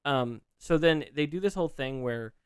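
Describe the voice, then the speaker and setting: A man's voice: fairly high pitch, moderate pace, smooth, no room sound. A man co-hosting a podcast, recapping a wrestling story in casual chat, rambling with frequent restarts and fillers. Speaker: podcast co-host.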